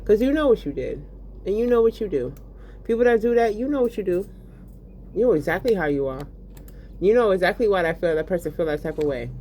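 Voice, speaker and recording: A woman ranting casually while gaming, profane and animated, full of fillers. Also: mid-range voice, brisk, slight background noise. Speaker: vlogger.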